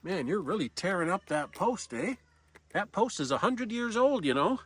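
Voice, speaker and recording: A man's voice: sits high, sing-song, normal speed, husky. A man vlogging on his farm, chatting outdoors by the barn to his cats in a fond pet-talk voice. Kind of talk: casual talk to farm animals.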